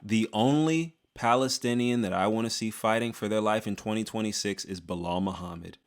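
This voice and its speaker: A young man, an MMA commentator, giving an animated, jokey opinion vlog that talks straight to the fighters. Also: fairly low pitch, brisk, a little hiss or hum. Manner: animated, hyped, jokey, addresses fighters directly.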